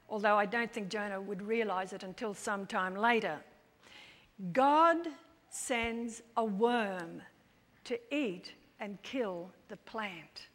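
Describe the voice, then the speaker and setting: A woman's voice: a little high, fairly bright tone, big-room sound. A woman telling a Bible story as scripted narration, dramatic and playful, with wry asides.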